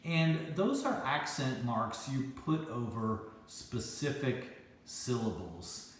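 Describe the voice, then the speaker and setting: Slow, unhurried male poetry teacher, roomy. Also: mid-range voice, expressive. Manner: loose and hesitant, with frequent fillers and restarts. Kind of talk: informal classroom lecture. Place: classroom with a chalkboard.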